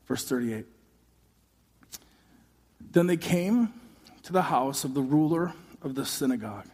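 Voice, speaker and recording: A man preaching a sermon as a pastor, telling the story in an animated, humorous way with quick asides. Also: medium pitch, breathy edge. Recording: long hall reverb.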